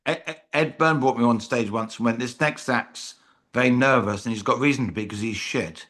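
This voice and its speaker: A British man talks casually as a podcast guest, spinning anecdotes with a self-mocking edge. His voice sits at an ordinary middle pitch, and he fills gaps with frequent ums. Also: normal speed, fairly bright tone. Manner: chatty storyteller, self-deprecating jokes, many ums. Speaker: comedian guest. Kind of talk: casual chat.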